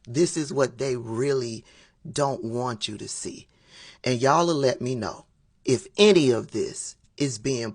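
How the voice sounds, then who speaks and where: A woman giving casual political commentary in a sassy, drawn-out way, laughing at her own remarks. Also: extremely low pitch, dry recording, clean studio sound.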